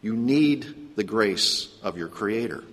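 A man preaching a sermon, often putting questions to the congregation and pausing for an answer. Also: fairly low pitch, lively intonation, breathy edge. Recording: echoey hall with long reverb.

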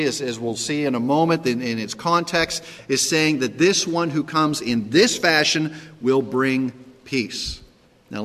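A man's voice: mid-range voice, fairly bright tone, long reverb tail. A man preaching a sermon as pastor, reading scripture aloud, then explaining it in a conversational way with frequent "okay?" check-ins. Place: church sanctuary.

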